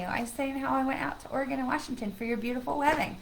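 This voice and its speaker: A woman with a high, gravelly voice talks very fast with few pauses during a live-stream psychic card reading against a noisy background. She chats casually and reassuringly, checking in with "okay?" and "right?", and erupts in loud, excited laughter when greeting friends.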